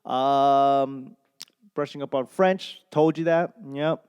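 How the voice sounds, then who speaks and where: Slow and fairly even in intonation, his medium-pitched voice is smooth and darkish, captured on a lo-fi recording. He's a young comedian from Boston, USA, rambling through his own podcast, swearing freely and losing track of what he was saying.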